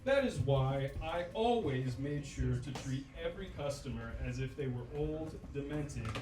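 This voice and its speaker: A man doing a deadpan stand-up set, with dry, formal setups that turn crude. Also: mid-range voice, moderate pace. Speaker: stand-up comedian. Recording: echoey club room, distant mic, background noise.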